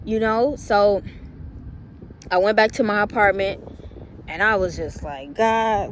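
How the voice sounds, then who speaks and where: A young adult woman casually telling a personal story to her viewers, acting out her own past reactions in a conversational, drawn-out way. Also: mid-range voice, slight background noise. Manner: conversational, drawn-out speech with fillers. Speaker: vlogger.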